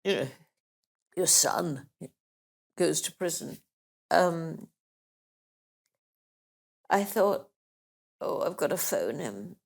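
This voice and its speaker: Her voice sits on the lower side, gravelly and slightly rough, moving slowly with frequent pauses and wide swings in pitch. She's an older English interview guest, nearly in tears, recounting her life anecdotally and imitating those she quotes.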